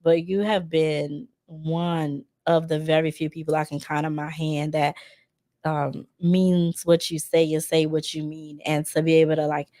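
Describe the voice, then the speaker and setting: Chatty woman business owner, low voice. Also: flat delivery, a little slow, warm tone, no echo, studio quality. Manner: heartfelt, chatty, many fillers like "right?". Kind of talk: casual interview chat.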